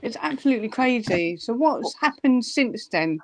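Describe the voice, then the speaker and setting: A woman hosting a casual chat on a video call, emphatic and quick to exclaim in disbelief. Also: a little high, expressive. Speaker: host.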